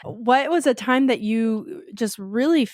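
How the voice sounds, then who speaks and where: A woman's voice: on the high side, slow, darkish tone, no echo, clean studio sound. A woman hosting an interview and asking long, curious questions. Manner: curious, asks questions at length. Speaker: podcast host.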